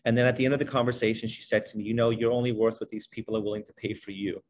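A middle-aged man, a guest on a podcast, telling his life story in a relaxed, conversational way, filling his speech with "you know" and "like". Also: lowish voice, slight background noise. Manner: animated, fast-flowing, many fillers like "you know" and "like". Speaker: podcast guest, basketball trainer.

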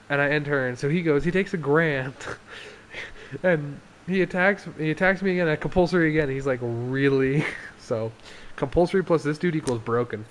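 A young man talking casually through his card game deck, excitable, laughing often and acting out his opponents. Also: fairly high pitch, slight background noise.

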